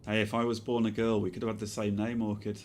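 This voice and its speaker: Soft-spoken British man, low voice. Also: monotone, fast talker. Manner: rambling, soft-spoken, prone to tangents. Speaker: Twitch streamer. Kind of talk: casual chat while streaming.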